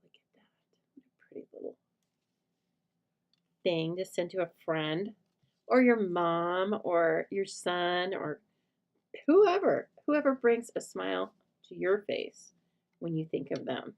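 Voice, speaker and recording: A woman's voice: fairly low pitch, unhurried, vocal fry, long pauses, highs cut off. A middle-aged woman hosting a live card-making demonstration, chatty as she teaches step by step. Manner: chatty, teaching step by step, breaks off to talk to her dog. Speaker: host of live stamping show.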